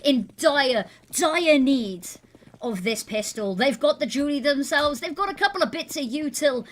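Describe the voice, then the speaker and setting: A woman giving energetic, playful live esports commentary. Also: on the high side. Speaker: esports caster.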